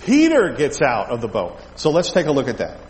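A man's voice: medium pitch, wildly swooping pitch, a little fast, darkish tone, a little hiss or hum. A male pastor preaching an expository sermon in a conversational way, with restarts and asides to the congregation, in a church sanctuary. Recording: echoey hall, faint ambience.

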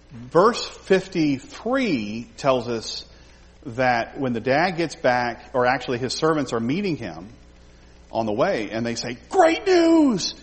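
Man, Bible study teacher; expressive pitch, acts out the quotes, recorded with a long hall echo. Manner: animated, acts out quoted lines in character.

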